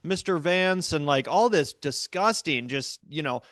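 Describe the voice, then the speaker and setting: A man's voice: on the high side, measured pace, dry recording. A man talking politics in a casual chat, ranting with lots of swearing. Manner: profane, animated ranting. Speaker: podcast guest.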